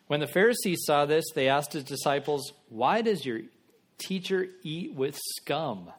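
A man giving a sermon in a casual, conversational style, acting out biblical characters in everyday voices. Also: fairly high pitch. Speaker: pastor.

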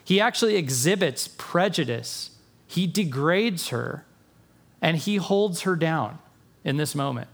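A man preaching a sermon to his congregation, animated and storytelling, acting out quotes from the story. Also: a little high, measured pace, gravelly. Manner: animated, acts out voices of people in the story. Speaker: pastor.

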